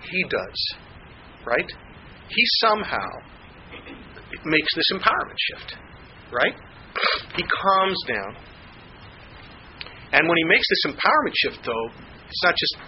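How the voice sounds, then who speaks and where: A man's voice: on the high side, dull audio, slight background noise. A man teaching a class, talking through a film scene and asking the students questions. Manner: animated, asks the class questions.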